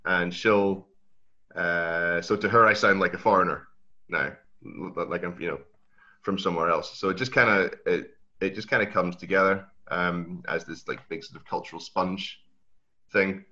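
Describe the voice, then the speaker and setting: Low bright-toned man, Swiss with Aberdeen twang. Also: normal speed. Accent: Aberdeen Scottish mixed with Swiss and American traces. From Switzerland. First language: Swiss German. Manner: relaxed, chatty, laughs often, many restarts. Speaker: guest. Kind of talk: casual interview chat. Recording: dull lo-fi audio.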